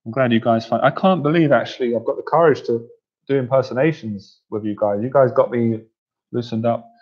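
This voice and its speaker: A man's voice: mid-range voice, a little fast, a little mellow, breathy edge. A man coaching a group on dating, in a chatty, playful way with frequent laughter. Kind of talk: casual coaching talk to a group. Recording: dull lo-fi recording.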